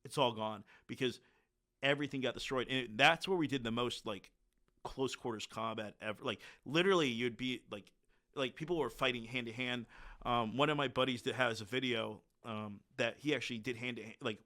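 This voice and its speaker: A man at a middle pitch recounts combat as a podcast guest. He speaks casually and bluntly, with many filler words. His tone is frank and plain. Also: brisk, pushed and bright. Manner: blunt, candid war storytelling with frequent filler words. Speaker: podcast guest, military veteran. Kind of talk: casual conversational storytelling.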